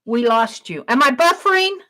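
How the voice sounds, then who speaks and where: A woman hosting an art livestream, slowly reading out her viewers' questions one by one and praising them as she writes them down. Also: sits high, expressive, bright, forceful tone. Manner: slow, reads out each viewer question and praises it.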